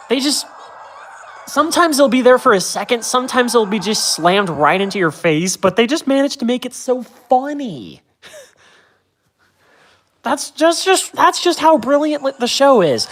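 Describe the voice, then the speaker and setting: Young woman streamer with a lively voice. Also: mid-range voice. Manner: rambling, self-correcting, giggly. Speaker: game streamer. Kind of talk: casual game commentary.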